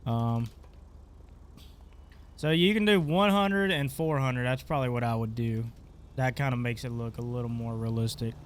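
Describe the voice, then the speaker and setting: In this casual screen-recorded tutorial, a gaming channel host talks offhandedly while clicking through settings, sounding congested and stuffy. He speaks at a moderate pace in a medium pitch, leaving long pauses, and a faint hiss or hum sits under the recording.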